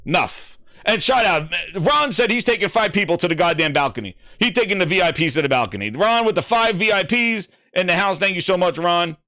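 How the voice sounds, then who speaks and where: A man hosts a gaming livestream, reading viewer comments in casual, profane, hype-driven banter. His high voice is animated, fairly quick, pushed and bright, with clean studio sound and no echo.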